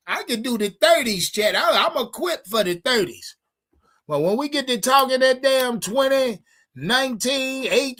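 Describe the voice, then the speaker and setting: A man hosting a live sports stream, chatting casually and profanely with his viewers. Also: high voice. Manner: profane, animated, addresses chat directly.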